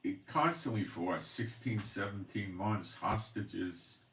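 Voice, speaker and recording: A man's voice: lowish voice, expressive, unhurried, a bit bright, recorded from a distance, a little hiss or hum. A man hosting his own channel, talking in a rambling, exasperated monologue, complaining and sighing as he goes. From Israel. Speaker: channel host, prophecy commentator. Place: home in the Galilee, Israel. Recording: roomy echo, voice off-mic.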